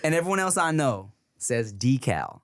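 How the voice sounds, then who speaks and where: A man's voice: mid-range voice, lively intonation, brisk, dry recording, studio quality. A man hosting a casual podcast chat, rambling, laughing and searching for words. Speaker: podcast host.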